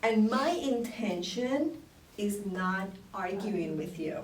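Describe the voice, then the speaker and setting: A woman's voice: mid-range voice, expressive, takes it slowly. Woman teaching English in a roomy classroom. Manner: patient, explains phrases and models intonation, laughs often. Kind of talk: conversation class, switching between English and Spanish. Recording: roomy classroom recorded from a distance with faint noise.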